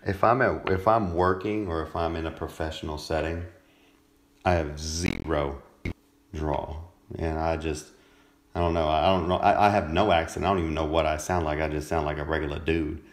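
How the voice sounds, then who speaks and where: A man co-hosting a casual chat, laid-back, laughing often and clearing his throat. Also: very deep voice, steady tone, brisk. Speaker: podcast co-host.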